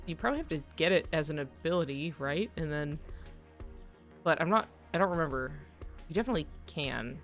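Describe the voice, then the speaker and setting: A woman's voice: lowish voice, a bit bright. Giggly rambling woman streamer. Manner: rambling, giggly, lots of fillers. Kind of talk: casual chat while gaming.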